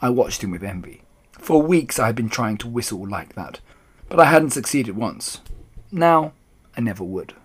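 A man narrating a children's storybook aloud in an expressive, animated way. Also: mid-range voice, normal speed, breathy edge. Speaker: audiobook reader.

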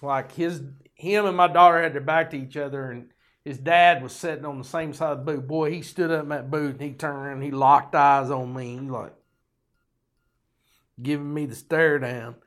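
Older man, folksy podcast host, slightly raised pitch, profane joking storyteller. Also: normal speed, a bit bright. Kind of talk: rambling storytelling monologue.

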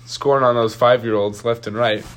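A teenage boy in casual chat, telling an animated story and laughing through his words. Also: mid-range voice, fairly quick, slight background noise.

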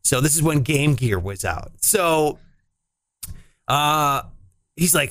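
A man in casual podcast chat, rambling and animated, swearing freely and slipping into voices of people he quotes. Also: on the high side, slow pace, no echo. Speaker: podcast co-host.

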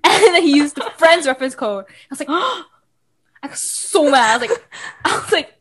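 Excitable high-voiced young woman. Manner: fast, excitable storytelling with restarts. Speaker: podcast co-host. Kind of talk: casual chat.

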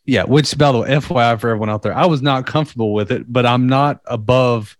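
A man's voice: mid-range voice, quick pace, no echo. Male co-host, casual and profane storyteller, dry close sound. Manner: loose, profane, acts out quotes in voices. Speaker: podcast co-host. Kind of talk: casual chat retelling a myth.

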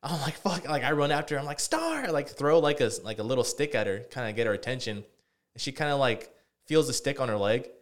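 A man's voice: medium pitch, quick pace. A man co-hosting a podcast, telling a rambling story in casual chat with lots of fillers and swearing. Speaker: podcast co-host.

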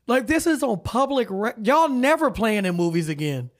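An extremely high-pitched man speaks at a moderate pace as co-host of a relaxed podcast. He tells stories animatedly, laughs often, and acts out quotes.

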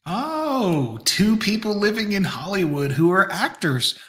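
A man's voice: high-pitched, sing-song, measured pace, fairly bright tone, roomy sound. A man giving mocking, sarcastic commentary to his stream chat while reacting to a video.

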